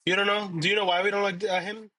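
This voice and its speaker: A man co-hosting a podcast, slightly hoarse, telling rambling stories in casual chat with lots of fillers. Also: high voice, level tone, fast talker, sharp tone, no echo. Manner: laid-back, rambling storytelling with many fillers. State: a little hoarse. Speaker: podcast co-host.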